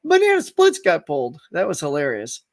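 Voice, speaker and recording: A man with a high voice hosts a casual live stream. He laughs a lot, reads viewers' comments aloud and greets each viewer by name in a friendly, upbeat way. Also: huge pitch swings, fairly quick. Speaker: host of a live stream show.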